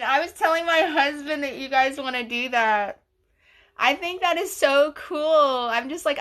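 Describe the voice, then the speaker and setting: Woman hosting a phone livestream, chatty and giggly, higher voice with a bright edge. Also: lively intonation, a little slow. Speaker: livestream host. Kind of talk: casual livestream chat reading comments.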